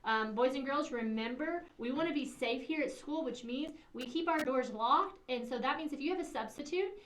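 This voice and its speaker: Give me a middle-aged woman doing morning school announcements for children, with a high voice and a sing-song, teacherly tone. She sits a little back from the mic in an echoey room, with a faint hiss under her. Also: moderate pace, recorded from a distance. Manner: sing-song teacherly, acts out kids' lines.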